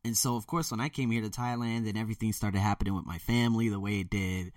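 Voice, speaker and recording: A man's voice: lowish voice, fairly even intonation, fast talker, a little mellow, no echo, clean studio sound, recorded from a distance. A man telling a candid, rambling personal story in a vlog, sometimes mimicking others. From United States. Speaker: vlogger.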